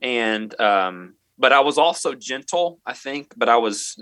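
A man who teaches middle school, telling a story in an interview in an earnest, halting way with many restarts. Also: medium pitch, animated, pushed and bright, dry recording.

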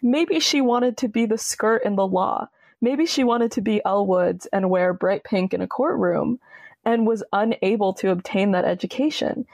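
Young woman with a gravelly edge. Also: mid-range voice, moderate pace, no room sound. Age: young adult. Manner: expressive, emphatic, passionate. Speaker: podcast guest. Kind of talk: casual conversation.

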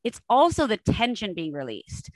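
A woman's voice: medium pitch, very animated, moderate pace, darkish tone, no room sound, rough recording. A middle-aged woman hosting a podcast interview, speaking directly and emphatically, encouraging her guest. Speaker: podcast host. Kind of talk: interview conversation.

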